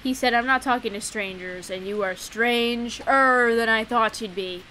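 A young woman streaming a farming game, giggling and chatting playfully, putting on quick voices for the characters. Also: on the high side, pushed and bright. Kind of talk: live gameplay commentary. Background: faint game music.

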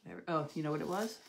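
A woman's voice: medium pitch, a bit bright, slight background noise. A woman hosting a live crafting demonstration, chatting casually with viewers while she works. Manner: chatty, friendly, talks while working. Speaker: craft channel host.

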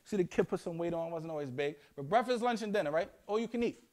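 A young man from Yonkers with a New York accent, telling playful, slangy stories as a guest speaker to high school students. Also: fast talker. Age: young adult. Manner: animated, slangy, playful storytelling. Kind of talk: storytelling talk to students. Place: school classroom.

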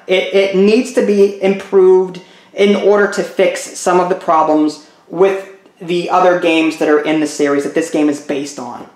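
A hoarse man with a sick-sounding voice talks through a frank game review, circling back and repeating words as he weighs his points. His voice carries a noticeable room echo. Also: high voice. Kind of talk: casual spoken review. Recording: roomy echo.

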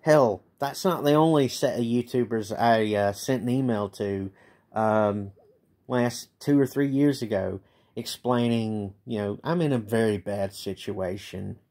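A tired man venting in a bitter, profane late-night vlog monologue, with many halting restarts. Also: lowish voice, darkish tone. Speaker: vlogger.

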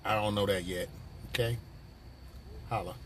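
A man's voice: fairly low pitch, steady tone, normal speed, fairly bright tone, a little hiss or hum. A man hosting a casual live stream from his phone, talking loosely in profane, rambling banter with viewers. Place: on a work break, vehicle sounds nearby.

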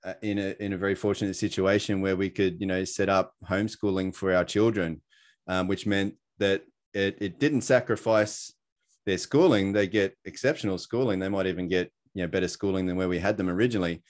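Over a video call, an Australian man shares his story in a casual, chatty presentation peppered with fillers and small self-deprecating laughs. His voice is deep and brisk, with fairly even intonation.

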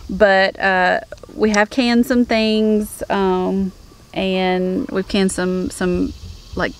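A young woman chatting casually outdoors, her mid-pitched voice full of vocal fry. She talks in a relaxed, hesitant way, pausing on ums and restarting phrases. Faint crickets chirp behind her. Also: slight background noise. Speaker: homestead vlogger, co-host. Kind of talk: casual chat. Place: outdoors at a garden.

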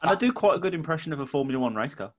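A man's voice: fairly high pitch, lively intonation, rapid-fire, noisy background. A man co-hosting a podcast in casual chat, playful, laughing often and swearing. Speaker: podcast co-host.

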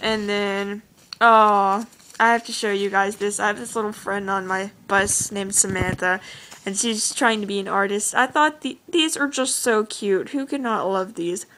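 A woman's voice: medium pitch, measured pace, a bit bright, a little hiss or hum, low-quality recording. A teenage girl chatting casually as she shows her own drawings, gushing and rambling with lots of "like" and "oh my gosh". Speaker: vlogger showing her drawings. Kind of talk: casual chat.

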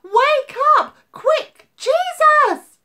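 A band of terrified fishermen shrieking high and loud for rescue as their boat is tossed in a storm. The cries go far above her usual pitch, bright and piercing. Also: very animated, drawn-out words, slight background noise, exaggerated voice. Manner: shrieking, frantic calls. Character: panicked fishermen friends screaming in a storm.

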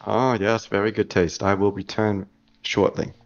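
A man's voice: lowish voice, flat delivery, a little slow, highs cut off, voice pushed down. A man voicing a polite male servant, formal and deferential, over faint music.

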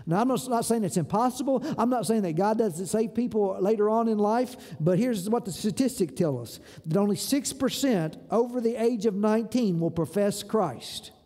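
A man's voice: high voice, moderate pace, hardly any pauses, warm tone, in a large hall. A man pastor preaching an earnest sermon, asking the congregation rhetorical questions and urging them to listen. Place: church sanctuary.

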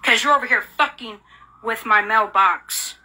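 A woman rants in fury, swearing and repeating the same bitter accusations. Her voice is very bright and sharp, and it sits a little high. She sounds worn out and fed up. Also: a little slow. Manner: furious, profane, repetitive insults. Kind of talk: angry rant.

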